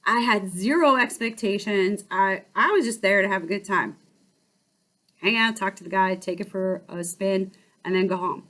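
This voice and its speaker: A woman who hosts a life-coaching channel, telling a personal story in a casual, animated way with quick restarts. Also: medium pitch.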